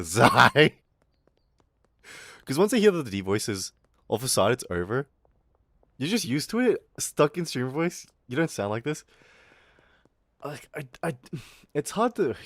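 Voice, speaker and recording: Lively, laughing male streamer. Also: mid-range voice, dry recording, clean studio sound. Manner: rambling, profane, quick to laugh; talks in a put-on streamer voice. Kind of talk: casual live-stream chat.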